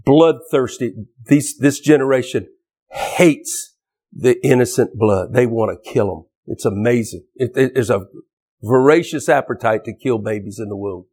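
A man's voice: mid-range voice, a little slow, darkish tone, breathy edge. A man preaching a fervent, emphatic sermon, often restarting and repeating words as he drives his points home.

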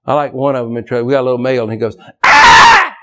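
A man preaching an impassioned sermon, emphatic and repetitive, climbing toward near-shouting on key points. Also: medium pitch, steady tone, rapid-fire.

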